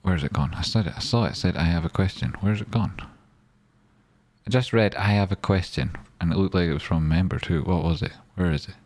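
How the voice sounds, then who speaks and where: A man's voice: low voice, a little fast, darkish tone, no echo. A man chatting casually and bluntly on a live stock trading stream, rambling and swearing freely.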